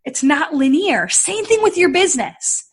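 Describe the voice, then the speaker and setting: A middle-aged woman, a podcast host and fitness coach, telling a personal story in an animated way and acting out the dialogue. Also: high-pitched, normal speed. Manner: animated, acts out quoted dialogue.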